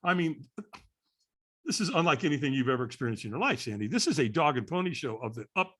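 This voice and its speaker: Lively older man telling a story. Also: medium pitch, quick pace. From California. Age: 60s. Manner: lively storyteller acting out voices, frequent "right?". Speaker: podcast guest. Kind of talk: animated storytelling.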